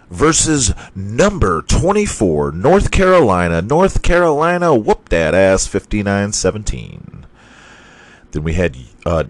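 A man's voice: lowish voice, no echo. Profane, ranting man reading football scores. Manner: profane, ranting, laughs at himself. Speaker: sports podcast host. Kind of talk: casual sports talk.

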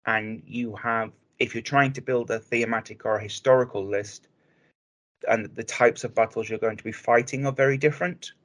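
A man co-hosting a hobby podcast, speaking in a measured, explanatory way with frequent restarts. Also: lowish voice, fairly bright tone. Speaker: podcast co-host. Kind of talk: casual chat.

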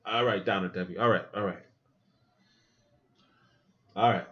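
Here a man with a fairly low voice takes his time, and the audio sounds dull. As a podcast host watching a film, he chats casually and profanely about it. His reactions are animated, full of asides as he thinks aloud.

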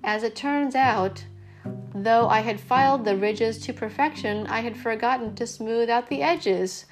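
A woman's voice: a little high, unhurried, soft background music. Woman reading a storybook aloud. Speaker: audiobook reader. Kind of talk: first-person storybook narration.

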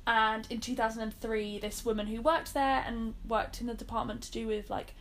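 A woman's voice: fairly high pitch, steady tone, normal speed. A young Englishwoman co-hosting a podcast, chatting and explaining things at length with lots of "like" and "um". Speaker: podcast co-host. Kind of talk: casual chat.

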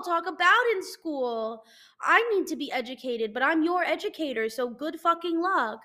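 A young adult woman hosts a solo podcast, ranting bluntly, profanely and with self-mockery. Her high voice is sharp, with lively intonation and a moderate pace.

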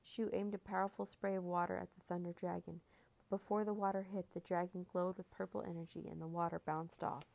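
A woman reading a children's chapter book aloud in a clear, measured storytelling manner. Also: lowish voice, flat delivery, a little mellow.

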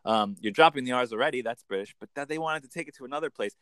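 A man working as an accent coach, chatting in an animated, storytelling way. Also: medium pitch, dry recording. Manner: animated, lively storytelling with quick bursts into put-on voices. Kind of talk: casual interview chat.

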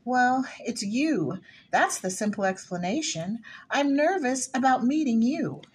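A woman's voice: fairly high pitch, expressive, measured pace, breathy edge. A woman playing a nervous, flustered married suburban woman, chattering breathlessly in a rehearsed stage play reading. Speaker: actor in a rehearsal.

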